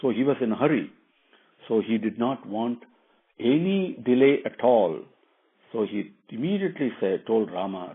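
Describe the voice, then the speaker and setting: Husky man giving a scripture discourse. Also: medium pitch, expressive, moderate pace. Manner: admiring, explanatory, with many fillers. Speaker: spiritual storyteller. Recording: narrow phone-like audio.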